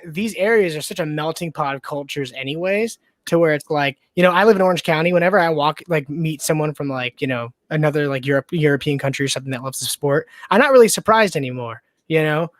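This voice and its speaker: Young guy hosting a podcast, rambly, says like a lot, kinda higher voice, dry close sound. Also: no room sound. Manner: rambling, full of "like" and "you know". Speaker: podcast host. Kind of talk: casual interview chat.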